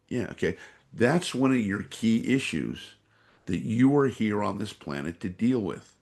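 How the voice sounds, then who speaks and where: A man's voice: fairly low pitch, animated, measured pace, vocal fry, darkish tone. A man from San Francisco, a podcast guest and energy awareness trainer, rambling with many fillers as he acts out voices in his stories. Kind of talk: podcast interview storytelling.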